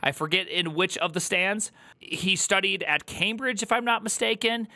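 Man, bright voice, sarcastic, rambling live commentary, streamer reacting to a news clip. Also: sits high, fairly even intonation, normal speed. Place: home streaming setup.

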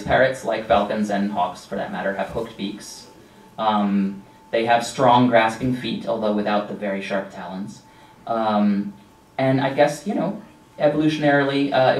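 A man giving a casual slideshow lecture about nature, relaxed and rambling with frequent ums and asides. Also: medium pitch. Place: lecture room with an audience. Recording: echoey room from a distance.

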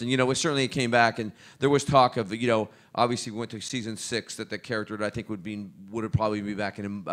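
Lively laughing man telling stories. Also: mid-range voice. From Scotland. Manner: lively, laughing storyteller who stumbles and restarts. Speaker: guest actor on a convention panel. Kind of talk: casual panel storytelling. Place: convention panel room.

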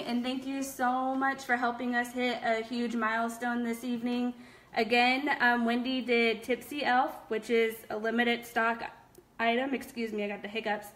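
A young woman with a high, fairly bright voice hosts a casual live stream for a nail product shop. She reads viewer comments aloud in a chatty, upbeat way, packed with fillers.

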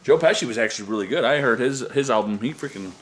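A young man co-hosting a podcast, chatting in an excitable, laughing way. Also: medium pitch, fast talker. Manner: excitable, laughing, lively storytelling. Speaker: podcast co-host. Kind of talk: casual chat.

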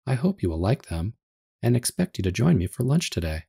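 A man's voice: lowish voice, very animated, fairly quick, vocal fry, dark tone, slightly rough, voice pushed up, exaggerated voice. A man voicing a gracious, regal young fairy princess with formal, kindly speech in a read-aloud story.

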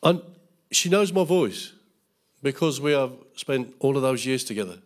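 A man's voice: medium pitch, expressive, moderate pace. A middle-aged man preaching a Bible school sermon as pastor, fervent, with tag questions and jokes.

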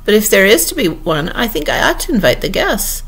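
A woman's voice: mid-range voice, very animated, fairly quick, a bit bright, slightly rough, heavily acted. A woman voicing a polite young girl who argues earnestly in a storybook reading. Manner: earnest, pleading.

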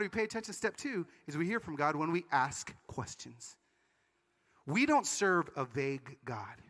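A man giving an energetic conference sermon, telling stories with quick asides. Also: high voice, big-room sound. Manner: animated storytelling with quick asides. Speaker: conference speaker. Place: large conference hall.

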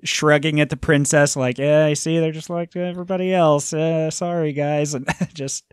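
A man's voice: a little high, fairly even intonation, normal speed, smooth, no echo, clean studio sound. A man playing a tabletop game, describing his character's actions in a hesitant, apologetic way. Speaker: player.

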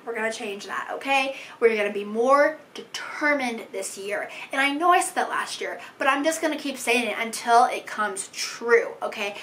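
A young woman talks straight to the camera in a loose, chatty vlog, jumping between thoughts with playful asides. Her voice is bright and clear and sits a little high for a woman. She sounds animated and easygoing. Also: slight background noise. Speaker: language-learning YouTuber. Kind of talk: casual vlog chat.

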